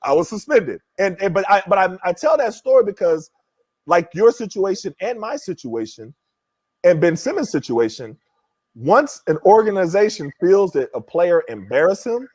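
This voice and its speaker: A man tells a story in relaxed chat, his voice sitting high and leaping up and down as he gets into it. He slips into other people's voices to act out what they said and keeps checking in with "right?". The sound is dry and close, with no room around it. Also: normal speed, no room sound. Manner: animated, acts out other people's words; many fillers like "you know" and "right?". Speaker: podcast guest, former pro basketball player. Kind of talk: casual storytelling.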